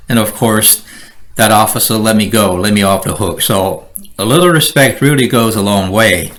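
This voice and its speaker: Slow, low-voiced male instructor. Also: a bit bright. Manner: slow, measured, acts out example lines. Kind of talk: slide-based lesson on word choice.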